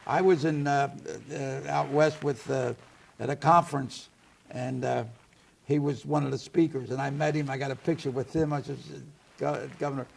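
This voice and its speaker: A man's voice: medium pitch, fairly even intonation, normal speed, gravelly, darkish tone, slight background noise. A man hosting a talk show, chatty, rambling and opinionated. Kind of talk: casual talk show conversation.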